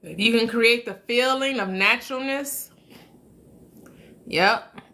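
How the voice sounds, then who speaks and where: A woman hosting a live stream in an easygoing, chatty way, greeting viewers by name. She speaks slowly and unhurriedly, and her voice is bright and forward. She repeats phrases for emphasis and laughs often. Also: a little high. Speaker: host. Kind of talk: casual live-stream chat.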